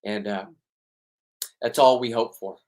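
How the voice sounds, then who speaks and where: A man's voice: medium pitch, fairly even intonation, a little slow, a little mellow. Middle-aged male boat captain, vlog monologue; heated and profane, repeats and restarts. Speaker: spearfishing boat captain and vlogger. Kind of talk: rambling emotional monologue.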